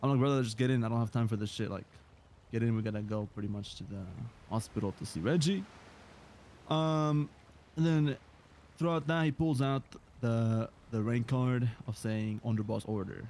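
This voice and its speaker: A man in a game roleplay, hoarse today, telling a rambling, aggrieved story of events. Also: medium pitch, normal speed, darkish tone, a little hiss or hum. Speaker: roleplay gamer.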